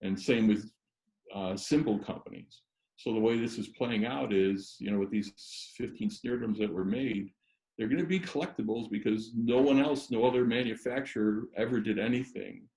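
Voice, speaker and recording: Gravelly man in an echoey room. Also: fairly low pitch, a little mellow. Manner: rambling, many restarts and fillers. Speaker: guest. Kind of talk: casual storytelling chat.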